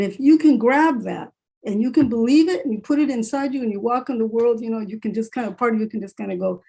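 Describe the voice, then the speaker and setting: A woman's voice: on the high side, fast, dark tone, slightly rough. A woman who is a writer and English professor, talking candidly in a panel discussion over a video call and repeating phrases for emphasis.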